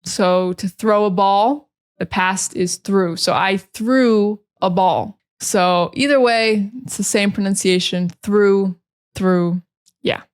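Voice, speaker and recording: A young woman with an American accent, giving a casual pronunciation lesson and repeating words slowly for learners to copy. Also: medium pitch, smooth. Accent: General American. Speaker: English teacher.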